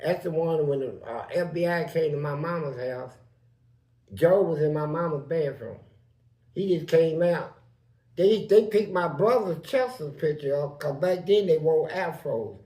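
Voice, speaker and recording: A man with a Southern US accent telling prison stories in a loose, animated way, acting out voices in the quotes. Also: on the high side, measured pace, roomy sound. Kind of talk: casual storytelling.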